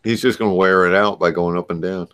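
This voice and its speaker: A man with a very low voice, easygoing and curious, asking friendly questions. He sounds like he is on a casual video call. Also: fairly even intonation, fast talker, a bit bright, clean tone, dry recording. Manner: easygoing, curious, chuckles often.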